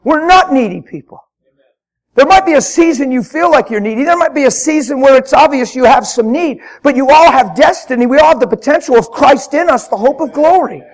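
A traveling male preacher with a strikingly high voice delivers an unplanned sermon in a church. He talks fervently and plainly, stacking repeated phrases and climbing into loud shouts. The sound comes from a pulpit microphone. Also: lively intonation, a little fast. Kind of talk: spontaneous sermon. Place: church hall with congregation.

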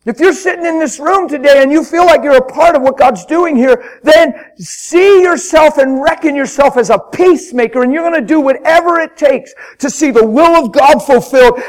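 A traveling male preacher with a strikingly high voice delivers an unplanned sermon in a church. He talks fervently and plainly, stacking repeated phrases and climbing into loud shouts. The sound comes from a pulpit microphone. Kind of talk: spontaneous sermon. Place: church hall with congregation.

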